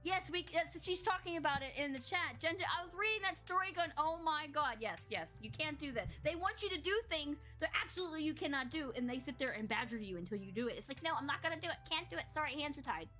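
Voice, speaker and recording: Bright, high-voiced ranting woman. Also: lively intonation, fast talker, few pauses, faint music behind. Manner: ranting, exasperated storytelling. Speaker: podcast co-host. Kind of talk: casual chat.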